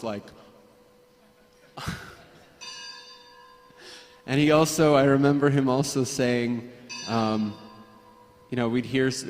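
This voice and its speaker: A man sharing personal memories at a memorial gathering, hesitant, with frequent restarts and soft laughs. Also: medium pitch, in a large hall. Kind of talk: personal reminiscence.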